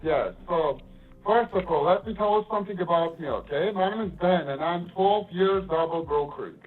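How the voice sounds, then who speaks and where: A man's voice: on the high side, lively intonation, normal speed. A man calling in by phone, talking assertively and confrontationally and calling the host buddy. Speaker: caller. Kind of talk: phone call argument. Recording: tinny phone line with faint music.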